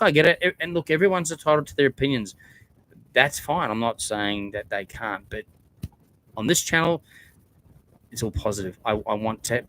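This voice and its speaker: Man, livestream host; casual, earnest, rambling with fillers, mid-pitched, faint room noise behind. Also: fairly bright tone. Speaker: theme park YouTuber hosting a livestream.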